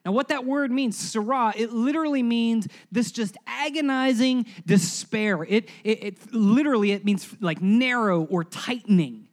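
Animated man preaching a sermon. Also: moderate pace, hardly any pauses. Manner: animated preaching, swings between loud emphasis and hushed lows; conversational, asks the congregation to repeat words. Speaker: pastor. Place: church before a congregation.

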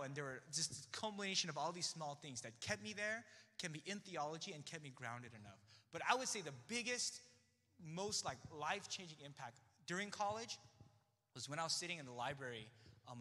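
A young man telling his personal faith testimony with animated storytelling, acting out the voices of people he quotes and using lots of fillers. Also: a little high, in a large hall. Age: young adult. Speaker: theology graduate sharing his testimony.

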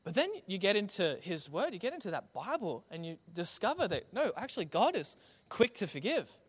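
A man's voice: high voice, big pitch swings, fairly quick, slightly rough. A man preaching a sermon, conversational and building to rhetorical refrains. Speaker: pastor.

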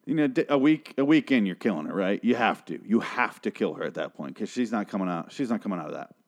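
A man casually recapping a TV episode, swearing freely and acting out characters' lines in quick put-on voices. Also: on the low side, animated.

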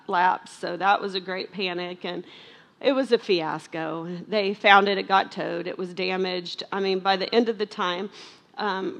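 A middle-aged woman giving a heartfelt personal testimony at church, halting, with many fillers and restarts. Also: mid-range voice, a bit bright. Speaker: speaker sharing testimony at a church.

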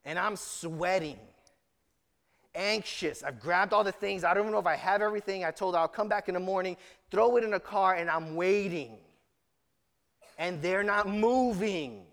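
A man's voice: high-pitched, normal speed, a bit bright, long reverb tail. A man preaching a sermon as pastor, telling stories earnestly with frequent restarts.

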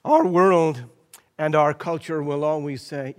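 A man preaching a sermon in a church, impassioned, swinging between loud declarations and hushed, near-whispered lines. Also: fairly high pitch, measured pace.

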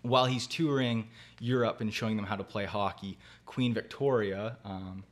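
A man's voice: lowish voice, steady tone, moderate pace. A man, a whisky company founder, telling stories and explaining in a casual podcast interview, with many "um"s. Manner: storytelling, frequent "um" and "uh" fillers.

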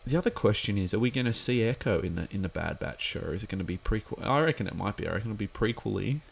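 A man's voice: on the low side, lively intonation, fast, creaky, slight background noise. A man giving a casual watch-along commentary of an episode, chatty and rambling with lots of filler words.

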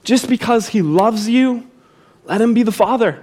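A man's voice: very high-pitched, normal speed, a little mellow. A pastor preaching a sermon to his congregation, repeating key phrases for emphasis and calling the listeners to say them back with him.

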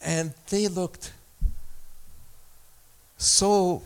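A man's voice: high voice, steady tone, extremely slow, clear, resonant tone. A man preaching a sermon as pastor, talking in a conversational way with self-deprecating asides and small stories.

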